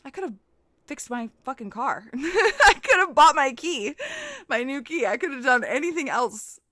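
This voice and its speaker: A young woman casually telling a personal story, animated and laughing often, acting out the people she quotes. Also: sits high, normal speed, no room sound, studio quality. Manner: animated, laughing, swearing, acts out quoted voices.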